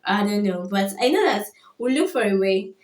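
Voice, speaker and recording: A woman hosting a reaction video, talking casually with quick exclamations of surprise. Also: medium pitch, expressive, slight background noise. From Nigeria. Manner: exclaims short wows, chatty asides. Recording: echoey room from a distant mic. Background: music from the video playing.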